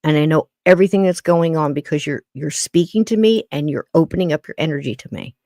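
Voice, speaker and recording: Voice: medium pitch, fast, darkish tone, no echo, clean studio sound. A podcast host talking to a live-stream chat in a blunt, emphatic way, repeating points for weight.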